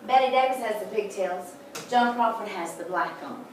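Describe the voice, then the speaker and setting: Inside a large historic house, a woman with a medium-pitched voice guides a tour at normal speed, chatting away with folksy stories and jokes. There's slight background noise, and the sound comes from far off in an echoey room.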